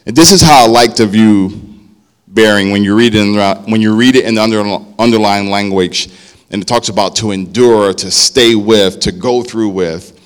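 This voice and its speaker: Low-voiced man preaching conversationally. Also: moderate pace, clear, resonant tone. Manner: conversational preaching, often asking "right?". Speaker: pastor. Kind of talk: sermon.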